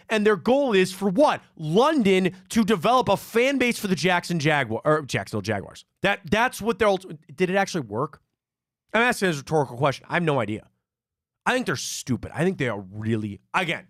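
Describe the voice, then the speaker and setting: Guy hosting sports talk, fairly high voice that bounces all over, ranting and opinionated. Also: a bit bright, dry recording, clean studio sound. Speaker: sports talk show host. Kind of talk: casual sports radio talk.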